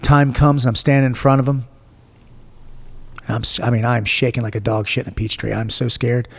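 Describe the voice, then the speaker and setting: A gravelly man in his forties tells his life story bluntly, swearing freely. His voice has a rough edge and trails off into a long reverb. He sounds animated and plain-spoken. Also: medium pitch, a little fast. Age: 40s. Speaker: guest. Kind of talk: casual storytelling interview.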